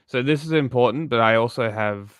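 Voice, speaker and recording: A man's voice: mid-range voice, a little fast, clean tone, dry recording, studio quality. A man hosting a live stream, reacting bluntly and swearing as he reacts. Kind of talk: casual reaction commentary.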